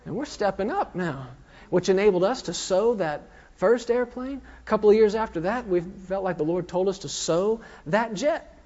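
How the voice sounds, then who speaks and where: Male minister with a high voice; a storytelling sermon testimony, self-mocking. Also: lively intonation, normal speed, darkish tone, lo-fi sound.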